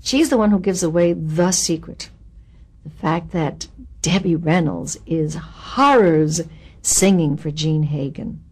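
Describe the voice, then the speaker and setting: A woman in her seventies, an actress being interviewed, recalling her career in a candid, wry way with lively asides. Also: fairly low pitch, slow pace, slightly rough. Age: 70s. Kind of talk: reminiscing interview.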